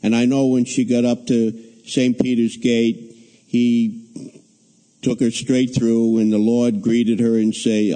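A man giving a halting funeral eulogy as a family member, pausing often with fillers and restarts. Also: medium pitch, flat delivery, dark tone, rough recording. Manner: hesitant, many fillers and restarts.

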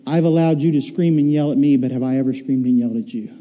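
A man preaching voices God as a calm, stern divine father, slow and firm. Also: medium pitch, lo-fi sound, lightly acted. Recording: long reverb of a large hall.

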